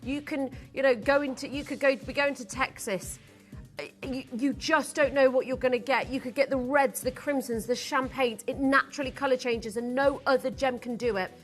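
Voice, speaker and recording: A woman's voice: high-pitched, fairly even intonation, normal speed, faint music behind. A woman presenting on a live shopping channel, chatty, giggly and enthusiastic as she sells jewellery.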